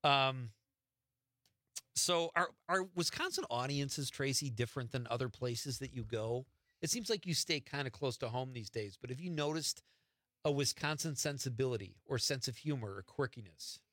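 Chatty man with a bright voice. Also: mid-range voice, moderate pace, no room sound, studio quality. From Chicago area. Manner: chatty, self-deprecating storyteller with laughs and restarts. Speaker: podcast host, comedian. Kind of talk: casual chat.

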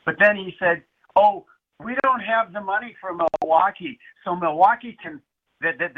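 A male caller on a radio show, ranting with indignation. His voice is somewhat high for a man. He comes through a tinny, narrow phone line. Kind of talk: call-in radio talk.

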